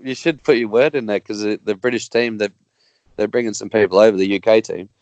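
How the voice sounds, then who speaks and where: An Australian man, a guest racer, chatting casually on a podcast in a halting, rambling way with many restarts. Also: fairly low pitch, a little mellow, dry recording.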